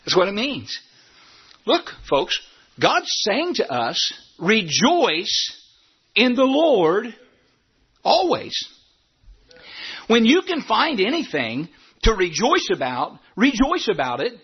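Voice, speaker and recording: A male pastor preaching a sermon, breaking into shouts and then dropping low. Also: wildly swooping pitch, unhurried, slightly rough, highs cut off. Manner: preaching with sudden shouts and wide swings in pitch.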